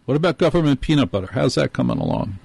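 A man hosting his own show, delivering a sardonic, gruff monologue. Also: medium pitch, animated, fast, a little mellow, no room sound. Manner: sarcastic, gruff. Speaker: show host.

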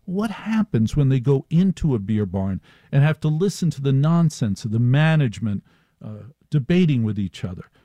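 A man's voice: medium pitch, big pitch swings, normal speed, mellow, no room sound. A male radio talk show host riffing sardonically through a live monologue. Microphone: studio microphone.

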